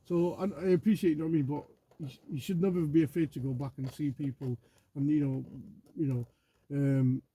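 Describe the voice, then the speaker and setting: A man's voice: a little high, steady tone, brisk, warm tone, slightly rough. A man in casual conversation who rambles and boasts, swears freely and keeps asking "you know what I mean?". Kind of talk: casual chat.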